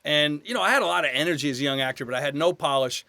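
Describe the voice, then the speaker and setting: Man in his fifties, from New York, actor guest, bright tone, slightly high, animated storyteller. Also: racing, no echo. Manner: animated anecdotes, slips into quoted voices. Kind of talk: casual interview storytelling.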